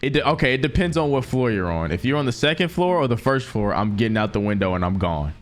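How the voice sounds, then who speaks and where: A man's voice: medium pitch, expressive, quick pace, soft background music. A young man streaming, reacting to stories in emphatic, slangy casual talk aimed at his chat.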